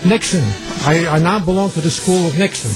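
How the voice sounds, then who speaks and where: A man's voice: sits high, steady tone, fairly quick, over music, poor audio. An older man recalling his recording studio days in a chatty storytelling way, with chuckling asides. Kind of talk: archival interview recollection.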